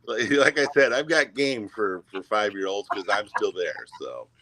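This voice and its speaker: A man chatting casually as a guest, telling stories in a halting way with many fillers and chuckles. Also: lowish voice, bright, forceful tone, no room sound. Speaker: guest, Santa performer. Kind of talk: casual chat, storytelling.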